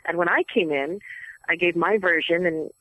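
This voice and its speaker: Woman guest, bright and lively, dry close sound, chatty anecdotes. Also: fairly low pitch, no room sound, poor audio. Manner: animated, chatty, quick to laugh. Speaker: voice actress guest. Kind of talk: casual interview storytelling.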